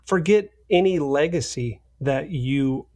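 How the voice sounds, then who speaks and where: A man co-hosting a podcast, giving mock-serious advice in a deadpan way. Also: on the high side, slow pace. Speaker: podcast co-host. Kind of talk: bantering podcast chat.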